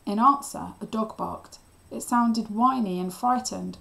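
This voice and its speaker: A woman teacher reading a children's novel aloud in a steady, expressive storytelling voice. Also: on the high side, a little slow, gravelly, poor audio.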